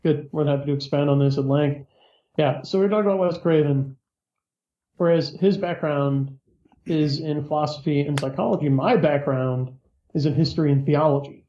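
A man guesting in an interview as an author, explaining his ideas in a measured, lecturing way. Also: fairly high pitch, warm tone, roomy sound, lo-fi sound.

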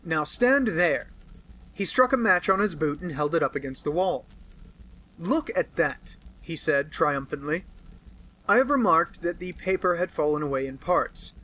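A male narrator reads a classic novel aloud in measured, scripted storytelling. His voice is bright and crisp, pitched slightly above the usual male range. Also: expressive, low-quality recording. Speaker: audiobook narrator.

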